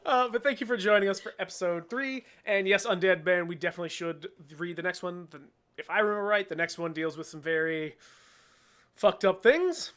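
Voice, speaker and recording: Young adult male co-host, high pitched voice, loose chatty delivery with swearing. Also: fairly quick, a bit bright. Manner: casual, swears freely, laughs often. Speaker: podcast co-host. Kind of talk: casual chat.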